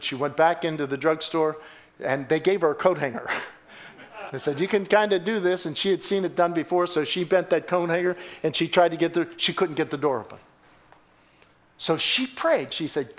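High-voiced emphatic male preacher. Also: normal speed. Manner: emphatic preaching, swings from loud exclamations to hushed asides; storytelling with repeated words and restarts. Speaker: pastor. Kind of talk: sermon.

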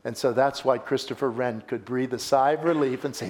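A man's voice: mid-range voice, fairly quick, slight background noise. A male pastor preaching a sermon, telling a story with dramatic emphasis and repetition and calling his listeners folks.

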